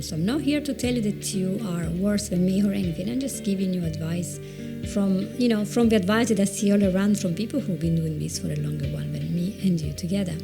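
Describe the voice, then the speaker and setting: A woman's voice: mid-range voice, vocal fry. Chatty woman giving advice. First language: Italian. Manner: chatty, self-mocking, repeats words while thinking. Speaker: video presentation coach. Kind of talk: conversational advice talk.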